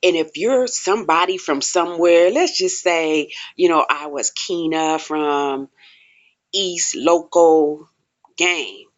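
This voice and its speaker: Young woman telling a story to her viewers, lots of laughing and oh my gods, lowish voice, muffled mic. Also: slow. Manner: animated, exclaims and laughs often, acts out voices. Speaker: vlogger. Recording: dull lo-fi home recording.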